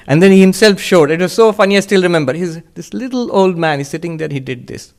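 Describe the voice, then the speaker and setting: A man's voice: a little high, fairly quick. A monk giving a spiritual lecture to an audience, explaining step by step, asking rhetorical questions and voicing his listeners' doubts, with the odd chuckle. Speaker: monk and Vedanta teacher.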